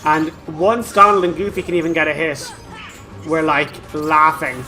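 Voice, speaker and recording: A man narrating a game walkthrough, chatty and excitable, flaring up as he relives a frustrating boss fight. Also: a little high, moderate pace, faint music behind, poor audio. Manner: chatty with frequent fillers and restarts. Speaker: gaming channel host.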